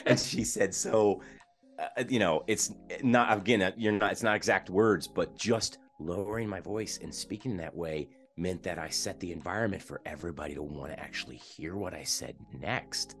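A man who coaches youth sports, a podcast guest explaining his ideas earnestly and growing animated as he makes his points. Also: low-pitched, moderate pace, faint music behind. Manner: earnest and explanatory, gets animated and louder when making points. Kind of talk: in-depth interview conversation.

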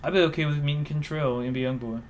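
A man's voice: a little high, fairly even intonation, fast, slight background noise. Joking young man, casual podcast. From Louisiana. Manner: loose, joking, swears freely. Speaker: podcast co-host.

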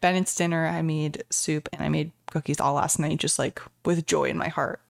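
A woman's voice: deep voice, steady tone, normal speed, gravelly, no room sound, clean studio sound. A woman in her late twenties co-hosting a podcast, talking in an upbeat, chatty way that is full of "like". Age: late 20s. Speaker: podcast co-host. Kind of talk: casual chat.

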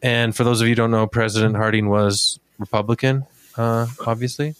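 A man's voice: mid-range voice, flat delivery, a little fast, clean tone, dry recording. A man co-hosting a casual talk podcast, telling a story in a chatty way, swearing freely and filling with "like". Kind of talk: casual chat.

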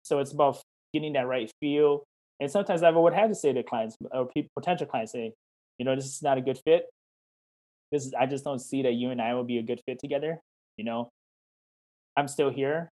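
A man's voice: medium pitch, fairly quick. A man speaking as a life coach over a video call, his voice sitting in an ordinary middle range. He talks casually and encouragingly, slipping into quoted back-and-forth to make his points. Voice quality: warm, encouraging, talks in questions and quoted dialogue. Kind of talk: interview answers, casual chat.

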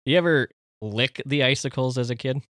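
A man's voice: medium pitch, moderate pace, a bit bright, dry recording, clean studio sound. A man co-hosting a podcast in casual banter, easygoing and reminiscing, laughing often. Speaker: podcast co-host.

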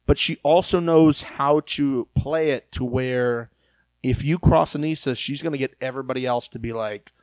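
A man's voice: medium pitch, normal speed, darkish tone, dry recording, rough recording. Man chatting in a dry room. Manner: chatty, gossipy, acts out quotes of others. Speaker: podcast co-host. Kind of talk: casual chat about reality TV.

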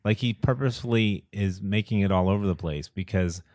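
A low-voiced man co-hosts a podcast in relaxed, chatty conversation. His voice is recorded dry and close, with no room sound. He laughs easily between points. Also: brisk, dry recording. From United States. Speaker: podcast co-host. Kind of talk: casual chat.

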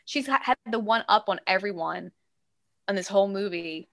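A woman co-hosting a podcast, talking in a lively, casual way, acting out quotes and swearing freely. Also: moderate pace, gravelly. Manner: animated, acts out quotes with big pitch jumps. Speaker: podcast co-host. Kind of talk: casual chat.

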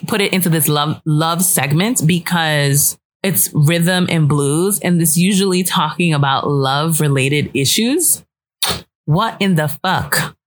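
A woman's voice: fairly low pitch, fairly bright tone. A young woman hosting a casual solo podcast, chatty and opinionated, swearing freely as she gives her frank take. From US East Coast. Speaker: podcast host.

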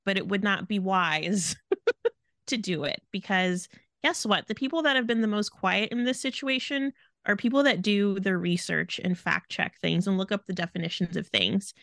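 A woman's voice: mid-range voice, moderate pace, gravelly, a bit bright, no echo, studio quality. A woman co-hosting a podcast, talking frankly and emphatically in casual chat. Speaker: podcast co-host.

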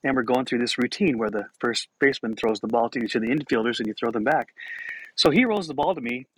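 A man's voice: medium pitch, fast, a little hiss or hum, low-quality recording. A man hosting a podcast, telling a personal story in a casual, self-deprecating way with chuckles. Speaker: podcast host.

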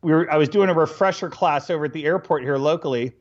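A middle-aged man chats as an interview guest and tells his stories with energy. He acts out the people in them and laughs along the way. His voice sits a bit high for a man, and the recording sounds dull and lo-fi. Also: fast. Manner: animated, acts out dialogue with laughs. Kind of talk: casual storytelling.

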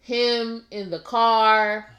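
A woman co-hosting a casual podcast chat, laughing often and quoting others in a flat lower voice. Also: drawn-out words, highs cut off. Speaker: podcast co-host. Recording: echoey room.

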